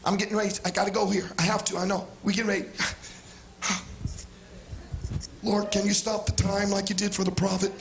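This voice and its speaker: A man preaching a sermon with passion, swinging from shouts down to quiet asides. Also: sits high, level tone, normal speed, vocal fry, pauses often, roomy sound, background noise. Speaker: pastor. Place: church sanctuary.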